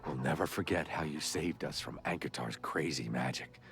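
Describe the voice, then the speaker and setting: Very deep, gravelly fantasy villager. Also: male voice, normal speed, a bit bright, heavily acted. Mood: friendly. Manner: friendly, gives gossip and warnings. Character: grateful male villager in a fantasy game.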